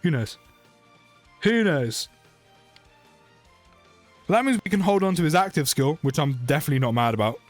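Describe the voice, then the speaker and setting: A young British man giving chatty, excitable gameplay commentary for his channel, often rambling and correcting himself. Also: on the high side, very fast, hardly any pauses, soft background music. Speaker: mobile game YouTuber.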